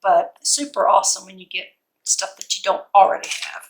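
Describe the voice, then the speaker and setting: A woman's voice: mid-range voice, fairly even intonation, brisk, slight background noise, low-quality recording. A woman unboxing a scrapbook kit in casual vlog commentary, gushing and cooing over each item, her voice a little worn as if she is losing it.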